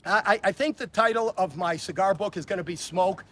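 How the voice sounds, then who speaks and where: A man's voice: high voice, brisk, sharp tone. A man, telling stories in a casual interview, blunt and profane, often stammering and restarting his sentences. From Chicago. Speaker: interview guest.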